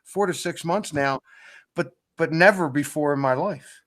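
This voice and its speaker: A man's voice: on the high side, normal speed, fairly bright tone. A man in a casual chat, asking pointed questions and playing devil's advocate. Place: home in the mountains.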